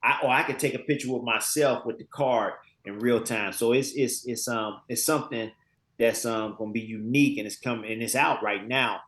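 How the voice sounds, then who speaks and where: A man in his fifties speaks as an interview guest in a casual, storytelling way. His voice sits at a middling pitch. He acts out quoted dialogue and often repeats words while he gathers his thoughts. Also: moderate pace, fairly bright tone.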